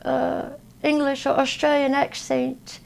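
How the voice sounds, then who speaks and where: A woman from Texas, a guest in an interview, talking in a halting way with many fillers. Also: high voice, little pitch movement, gravelly, darkish tone. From Texas, USA. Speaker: interview guest, spiritual healer. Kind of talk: casual interview talk. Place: at a convention.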